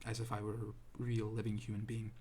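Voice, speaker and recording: A man's voice: fairly low pitch, monotone, a little fast, mellow, a little hiss or hum. A young man telling a personal story to camera in a rambling, self-deprecating way, full of restarts and ums, seated indoors. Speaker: vlogger. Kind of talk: casual storytelling monologue.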